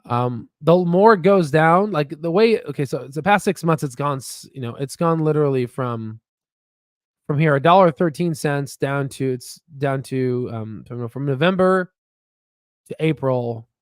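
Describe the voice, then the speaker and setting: A man hosting a casual stock market video, rambling and excitable, with frequent profanity and restarts. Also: fairly high pitch, measured pace, dry recording, clean studio sound. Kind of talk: casual market commentary with screen share.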